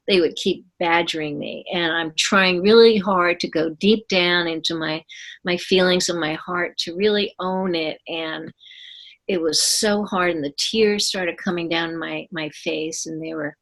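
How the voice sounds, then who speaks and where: Earnest woman in her seventies, low-pitched. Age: 70s. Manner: earnest, unhurried, with pauses and restarts. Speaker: guest, former ballerina. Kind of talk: reflective interview storytelling.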